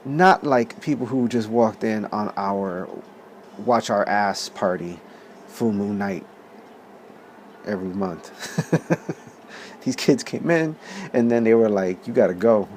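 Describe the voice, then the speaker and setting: Man in his thirties, casual profane storyteller, lowish voice, faint room noise. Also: takes it slowly, long pauses. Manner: profane, animated, laughs often. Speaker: vlog host.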